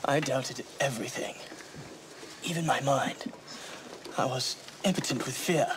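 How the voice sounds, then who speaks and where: An actor playing a frightened but resolute young clerk in a film scene. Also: male voice, mid-range voice, a little slow, close to an everyday voice. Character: shaken young English clerk, fearful then resolute. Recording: noisy film clip with ambience.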